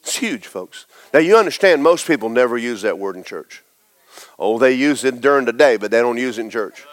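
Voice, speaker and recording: A man preaching a folksy, animated sermon, jumping between shouts and hushed asides. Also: mid-range voice, brisk, no room sound. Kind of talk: lively sermon with acted quotes.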